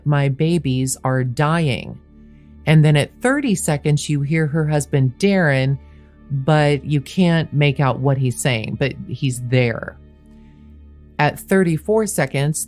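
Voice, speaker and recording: A woman with a low, deep voice narrates a true crime case in a methodical, step-by-step way. She slows down to read quoted lines, over faint music in the background. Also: darkish tone. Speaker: true crime podcast host.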